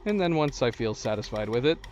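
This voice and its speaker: A man's voice: mid-range voice, animated, quick pace, darkish tone, soft background music. A man streaming a video game, casually chatting and answering viewers as he plays. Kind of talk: casual gameplay commentary.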